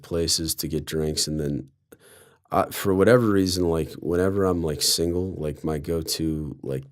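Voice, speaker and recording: A young man from Colorado casually telling a rambling story, full of fillers and sarcasm. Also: low-pitched. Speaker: guest storyteller.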